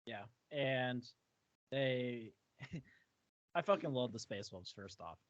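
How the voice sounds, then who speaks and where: A man's voice: medium pitch, animated, takes it slowly, no room sound. A man co-hosting a casual book review podcast, enthusiastic and profane, laughing often. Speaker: podcast co-host. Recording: dry, dull lo-fi audio.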